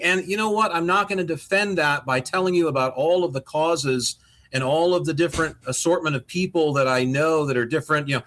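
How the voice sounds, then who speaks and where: A man's voice: a little high, fairly quick, a bit bright. A man co-hosting a casual podcast, rambling and swearing through exasperated rants. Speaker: podcast co-host.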